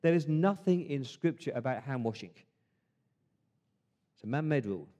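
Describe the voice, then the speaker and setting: Mellow-voiced pastor preaching. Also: male voice, medium pitch, expressive, normal speed. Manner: conversational, emphatic, swings between loud stresses and hushed asides. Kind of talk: sermon.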